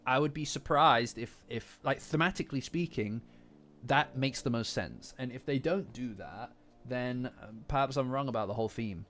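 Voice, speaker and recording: A man hosting a casual chapter reaction, breaking into heated, cursing outbursts between calmer reflective stretches. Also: medium pitch, moderate pace, slight background noise. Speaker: manga reaction host. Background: faint lofi background music.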